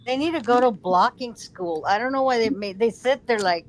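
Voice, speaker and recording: Woman, casual chat, animated, laughs easily, fairly high voice. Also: a little fast, poor audio. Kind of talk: casual conversation.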